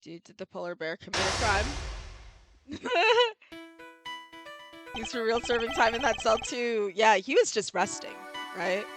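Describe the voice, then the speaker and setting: A woman's voice: fairly high pitch, unhurried, pauses often, music in the background. A young woman chatting casually and giggling while streaming a video game, dropping slang as she goes.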